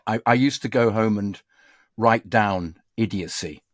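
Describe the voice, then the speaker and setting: An older man, a voice actor, telling lively anecdotes in an interview, acting out voices and directors as he goes. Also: on the low side, measured pace, no echo, studio quality. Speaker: voice actor guest. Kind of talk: storytelling interview chat.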